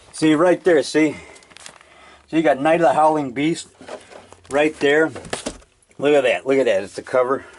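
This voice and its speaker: Older man in his sixties, slightly high voice, loose rambling show-and-tell at home, peppers talk with "man.". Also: slight background noise. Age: 60s. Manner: rambling, chatty, keeps adding "man" and "you know". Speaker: filmmaker showing his collection. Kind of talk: casual show-and-tell monologue.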